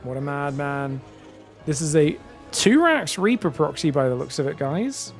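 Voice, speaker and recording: A man commentating a strategy game solo, quick excitable play-by-play with casual asides to his viewers. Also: on the high side, soft background music. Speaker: esports caster.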